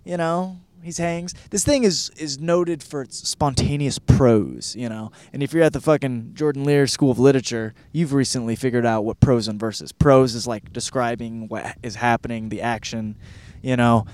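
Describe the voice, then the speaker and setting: A man's voice: medium pitch, steady tone, normal speed, darkish tone, clean tone. A man in his thirties from Michigan, hosting a podcast and reviewing a book in a rambling, profane, self-deprecating monologue. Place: California.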